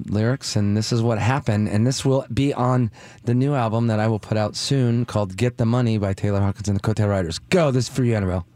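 A man's voice: on the low side, dark tone, dry recording. A man guest-hosting a radio show in a studio, chatting in a rambling, self-deprecating, jokey way into a studio mic. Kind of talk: casual radio banter. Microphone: studio microphone.

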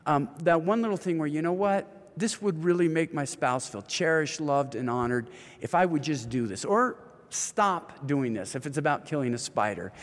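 A man in his fifties speaking as a guest on marriage, telling stories in an earnest, relaxed way and laughing easily. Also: a little high, moderate pace, in a large hall. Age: 50s. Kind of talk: conversational storytelling.

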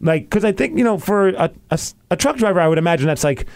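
A young man on a podcast, talking in a casual, animated way with a fairly high voice. He tells a story with lots of energy, acting out what everyone said and laughing along the way. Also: fast. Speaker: podcast host. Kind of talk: casual chat.

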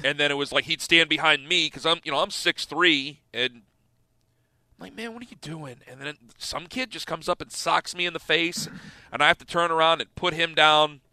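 A man hosting a sports radio show, telling stories with lively energy and laughing as he acts out scenes. His voice sits high for a man and sounds very bright and forceful, smooth and clear, on a dry studio mic. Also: normal speed, no echo. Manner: animated, laughing storyteller who acts out scenes. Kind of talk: casual storytelling on sports radio.

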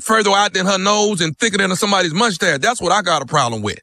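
Man, high and bright, dry studio sound; belligerent prank caller stuck on one complaint. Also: lively intonation, fast talker, gravelly, no echo. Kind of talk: radio prank call.

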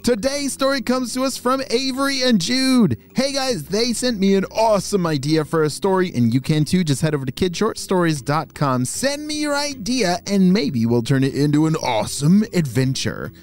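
A man's voice: high-pitched, animated, moderate pace, hardly any pauses. A man hosting and narrating children's stories in an enthusiastic, playful way. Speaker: children's storyteller and host. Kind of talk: animated story narration for kids.

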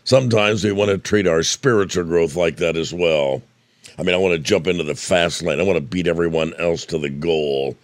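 A man's voice: sits low, brisk, no echo. An older man from Indiana giving a folksy devotional talk, storytelling as he goes, with a voice that is wearing out. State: losing his voice. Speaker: radio preacher.

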